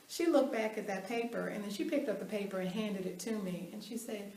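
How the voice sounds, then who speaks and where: A woman giving a storytelling motivational talk at an event, animated, acting out the voices she quotes and laughing along. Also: medium pitch, fairly quick, hardly any pauses. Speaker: motivational speaker. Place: event hall. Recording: roomy hall, mic at a distance.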